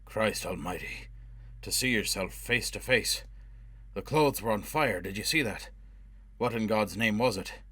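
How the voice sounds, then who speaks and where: A man voicing a brutal, obsessed avenger in an audiobook, with a low, harsh, driving delivery. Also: a little slow, a bit bright, breathy edge, no echo. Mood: grim. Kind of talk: audiobook character voice.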